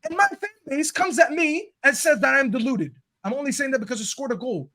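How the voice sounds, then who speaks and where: A man's voice: extremely high pitch, lively intonation, brisk, a crowd in the background. A man whose first language is Arabic, ranting emphatically and swearing freely in a heated football debate on a podcast panel.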